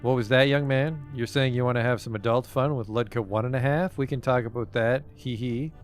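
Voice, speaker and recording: A man's voice: medium pitch, fairly even intonation, a little fast, clean tone, soft background music, natural voice. A man voicing a sleazy, wheedling dealmaker in a game. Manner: wheedling, suggestive.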